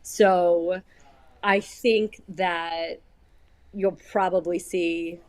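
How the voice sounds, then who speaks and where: A woman sideline reporter chatting as a guest with a sports show panel, measured and thinking aloud. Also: on the low side, fairly even intonation, a little mellow, no echo. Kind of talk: casual panel chat.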